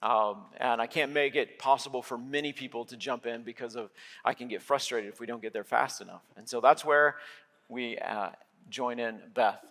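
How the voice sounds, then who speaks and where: A man's voice: medium pitch, moderate pace, fairly bright tone. Male pastor preaching in a reverberant sanctuary. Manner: conversational, with filler words. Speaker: lead pastor. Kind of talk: sermon. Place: church sanctuary. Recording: long hall reverb.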